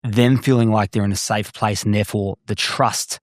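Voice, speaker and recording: A man hosting a podcast, asking the guest probing follow-up questions in a relaxed conversational way. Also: fairly low pitch, moderate pace, no echo, clean studio sound. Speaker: podcast host.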